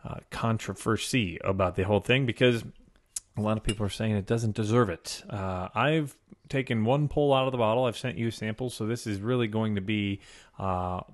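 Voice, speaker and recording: Lowish in pitch and moderate in pace, a male podcast co-host chats loosely at a desk microphone. He and his partner joke and ramble, and he laughs frequently.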